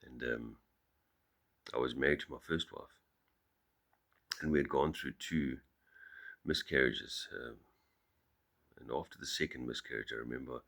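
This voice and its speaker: A middle-aged man speaking softly to the camera on his farm early in the morning, halting and reflective, with many pauses and restarts. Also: extremely low pitch, steady tone, creaky. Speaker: farm vlogger. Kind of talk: reflective personal talk to camera.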